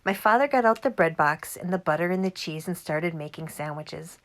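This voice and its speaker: Calm woman reading a storybook. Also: fairly low pitch, moderate pace. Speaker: reader. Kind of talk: audiobook reading.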